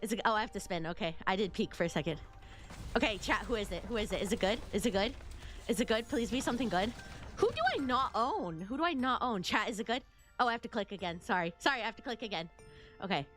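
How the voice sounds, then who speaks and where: A young adult woman streaming a video game, chatting excitedly to her viewers, often repeating herself and singing silly snippets. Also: mid-range voice, fast, faint music behind. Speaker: VTuber streamer. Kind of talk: casual gaming stream chat.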